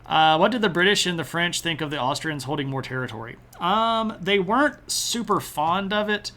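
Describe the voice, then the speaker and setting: A man streaming a casual history talk, answering chat by name and putting on quick joking voices for the nations. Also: on the high side, lively intonation, sharp tone.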